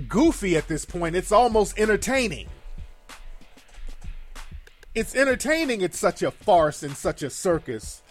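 A male call-in host whose voice sits a little above the usual male range. He rants bluntly and profanely, hammering his points by repeating phrases. Soft music plays low underneath him. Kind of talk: casual livestream commentary.

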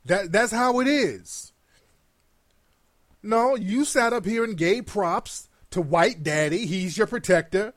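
Profane ranting man, high voice. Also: animated, slow, no room sound, studio quality. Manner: profane, mocking, heated and sarcastic. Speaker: commentator reacting to clips. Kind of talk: ranting reaction commentary.

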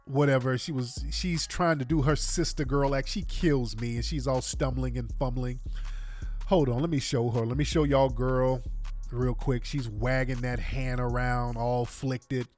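A man's voice: mid-range voice, steady tone, unhurried, darkish tone. An American man hosting a livestream with casual, slangy commentary. He sounds sarcastic and exasperated as he rambles through his points, with faint music behind him. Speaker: livestream host.

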